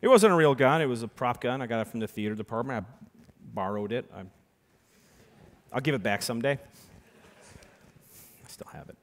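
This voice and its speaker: A man in his thirties tells a story from the keynote stage, his voice sitting at an ordinary middle pitch. He is animated, dropping to a hush and then rising to near-shouting as he acts out the voices in the tale. A long hall reverb trails behind every word. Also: a little fast, pauses often. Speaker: keynote speaker and magician. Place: large conference hall.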